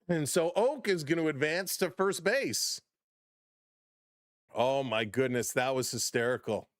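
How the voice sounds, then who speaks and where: A man hosting a live baseball play-by-play stream, excitable on big plays, chuckling often and greeting chat viewers by name. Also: a little high, measured pace, no echo, clean studio sound.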